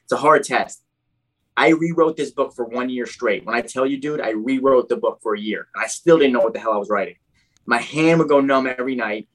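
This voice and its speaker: A young man telling his story in casual chat as a podcast guest, animated and fond of saying "dude", often restarting his sentences. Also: mid-range voice, brisk.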